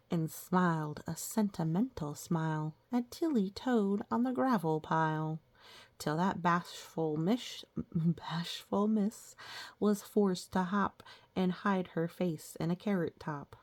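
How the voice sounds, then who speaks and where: A woman reading old children's rhymes aloud, stopping to gently explain the lessons and pictures. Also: on the low side.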